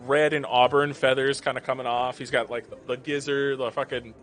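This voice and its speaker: A man's voice: medium pitch, little pitch movement, a little fast, fairly bright tone, soft background music. A man narrating as game master, describing scenes in a rambling, laughing way with casual swearing.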